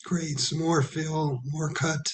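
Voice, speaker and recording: A man presenting a design at a town planning meeting, halting with many ums and repeated throat clearing as he is losing his voice. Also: fairly high pitch, little pitch movement. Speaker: architect presenting to a planning commission. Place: town hall meeting room.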